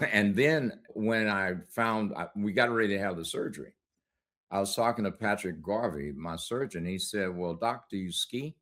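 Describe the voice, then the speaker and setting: A man's voice: fairly low pitch, moderate pace, a bit bright. A middle-aged man, a guest on an interview show, telling a personal story in a candid, conversational way, with frequent laughs.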